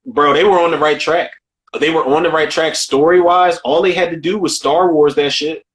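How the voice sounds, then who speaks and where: Animated, profane man in film chat. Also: a little high, moderate pace. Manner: animated, profane, riffs and repeats himself. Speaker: podcast co-host.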